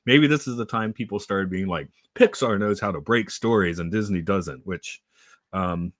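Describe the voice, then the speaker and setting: A man co-hosting a podcast, musing hesitantly about old animated films with many fillers. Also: low-pitched, moderate pace, dry recording, clean studio sound. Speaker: podcast co-host. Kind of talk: casual discussion.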